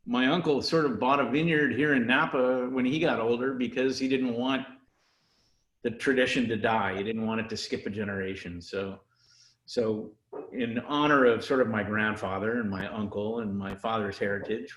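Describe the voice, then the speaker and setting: A relaxed, easygoing man talks about his winemaking in loose, unhurried stories. His voice sits in a mid range and carries the hollow ring of a reverberant room over a video call. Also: medium pitch. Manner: laid back, easygoing. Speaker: winery founder and guest. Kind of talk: casual video chat storytelling.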